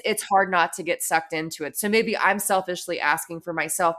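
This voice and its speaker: A woman's voice: on the low side, a bit bright. A woman in her thirties hosting a podcast, asking long reflective questions with lots of filler likes. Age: 30s. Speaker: podcast host. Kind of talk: casual interview chat.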